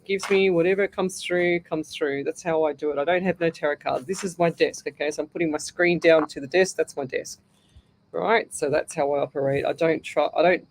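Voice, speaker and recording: A woman's voice: on the low side, darkish tone. A middle-aged Australian woman hosting a live call-in radio show as a psychic medium, chatty and greeting listeners by name as she thinks aloud.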